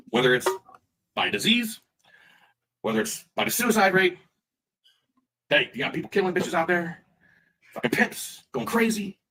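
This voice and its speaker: A man's voice: fairly high pitch, bright, forceful tone, slight background noise, rough recording. A man streaming live, ranting heatedly in profane language and often repeating himself.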